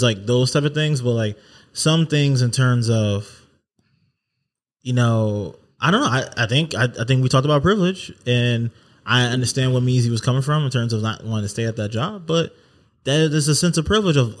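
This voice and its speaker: A man from Delaware in a loose podcast conversation, voice sitting in a mid register. He talks haltingly, restarting sentences and piling on fillers as he works out his point. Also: medium pitch. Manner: hesitant, many restarts and fillers. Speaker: podcast co-host. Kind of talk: casual chat.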